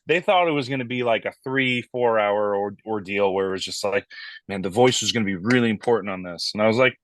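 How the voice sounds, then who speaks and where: Animated, profane metal vocalist, dry sound. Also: male voice, fairly low pitch, fast talker, no echo. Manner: animated storyteller, swears freely, acts out quoted voices. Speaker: metal band vocalist, guest. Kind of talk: casual interview chat.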